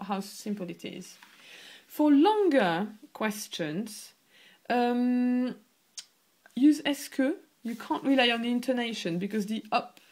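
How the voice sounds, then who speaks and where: A woman with a mother tongue gives a language lesson in English at a middle pitch. She explains at an easy pace and often pauses on "um" or starts a phrase over. Her tone stays conversational and instructive. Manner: relaxed, explanatory, with frequent ums and restarts. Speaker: French teacher.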